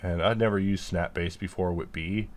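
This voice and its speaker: A man's voice: sits low, steady tone, moderate pace. A man casually talking through his 3D modeling work, rambling and cracking self-mocking jokes as he goes. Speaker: 3D modeler teaching his workflow. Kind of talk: casual commentary while modeling on screen.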